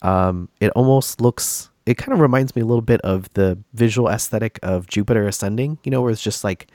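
A man's voice: on the low side, fairly quick, darkish tone, dry recording, clean studio sound. A man hosting a casual gaming podcast, stuffy and congested from a cold, rambling with many fillers and restarts. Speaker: podcast host.

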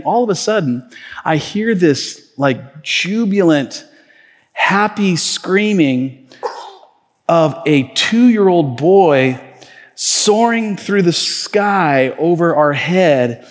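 A man's voice: a little high, animated, a little slow. A man preaching a sermon as pastor, telling stories casually with lots of fillers. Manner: conversational storytelling with many fillers. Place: church auditorium. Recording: reverberant church hall.

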